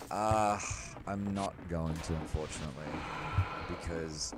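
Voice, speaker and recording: This young man's voice sits low, and he talks a little slowly as he vents in a loose, agitated monologue. Swearing is frequent, sentences get restarted, and fillers abound. The recording carries loud background noise.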